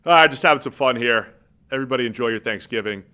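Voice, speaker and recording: A man's voice: medium pitch, rapid-fire, sharp tone. A man co-hosting a sports podcast in casual, joking chat, rambling with restarts. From Massachusetts. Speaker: podcast co-host. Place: podcast studio.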